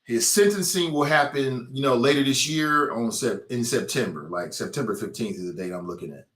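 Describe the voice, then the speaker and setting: A man's voice: mid-range voice, expressive, fairly quick, a bit bright, roomy sound. A man hosting a talk show with a Cincinnati accent, delivering a blunt, mocking, streetwise opinion monologue.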